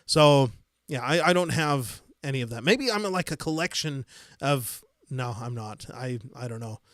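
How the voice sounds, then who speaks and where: Livestream host, American man, Midwestern accent, relaxed and rambly, dry close sound. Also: mid-range voice, moderate pace, no room sound. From United States. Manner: rambling, easygoing, frequent fillers and soft chuckles. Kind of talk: casual live-stream chat, reading viewer comments.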